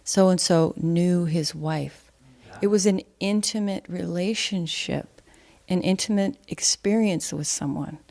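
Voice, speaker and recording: A woman in a spiritual discussion group, speaking very slowly in a mellow tone. Her voice is fairly low, and she makes her point calmly. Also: creaky. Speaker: discussion participant.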